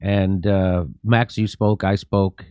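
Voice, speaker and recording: A man's voice: low-pitched, little pitch movement, takes it slowly, warm tone, smooth, no echo, studio quality. A man hosting a talk show, chatting casually with a guest in a wry, joking way. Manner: wry, joking, chuckles at own lines. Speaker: show host and comedian. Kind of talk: casual political chat.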